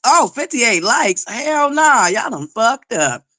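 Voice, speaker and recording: A loud, belligerent woman hosting a live chat stream. Her voice is bright and forceful. She curses constantly, greets viewers by name and keeps demanding likes. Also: on the high side, very animated, slow pace. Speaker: livestream host. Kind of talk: profane live-chat commentary.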